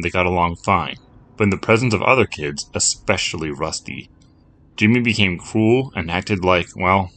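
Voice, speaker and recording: Low-voiced man narrating a story. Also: slight background noise. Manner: measured, steady storytelling. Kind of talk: scripted narration.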